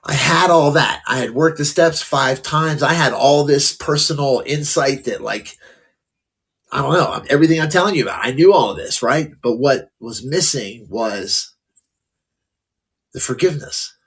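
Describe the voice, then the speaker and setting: A man's voice: a little high, moderate pace, fairly bright tone, slightly rough. A middle-aged man telling his life story candidly as a podcast guest, casual, full of "like" and "um". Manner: casual, many fillers like "like" and "um".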